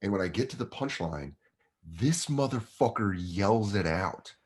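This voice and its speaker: A man with a low-pitched voice tells a casual story as a guest comedian, swearing freely. His delivery swings widely up and down in pitch as he acts out the other people in the story. He sounds like a man in his thirties. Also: animated, a little slow.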